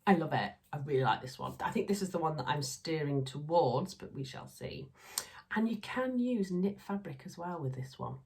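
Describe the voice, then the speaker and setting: Yorkshire woman in her thirties, gushing casual vlog chat, a little low-voiced. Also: animated, normal speed, a little mellow. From Yorkshire, England. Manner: chatty, gushing, rambling with many fillers. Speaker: sewing vlogger.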